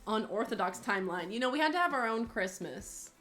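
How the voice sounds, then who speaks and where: A young woman guesting on a casual gaming stream, jokey and teasing, full of quick banter. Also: a little high, lively intonation, a bit bright, soft background music.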